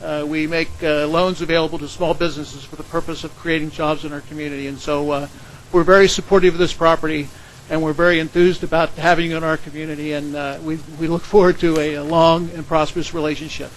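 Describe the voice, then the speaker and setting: A man giving halting, supportive testimony at a public hearing, with many fillers. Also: fairly high pitch, level tone, slight background noise, low-quality recording.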